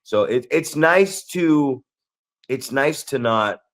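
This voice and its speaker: This Northern California man co-hosts a podcast and tells a story in casual chat, speaking slowly but animatedly in a mid-range, fairly bright voice. He rambles, restarts sentences, and acts out the people he quotes.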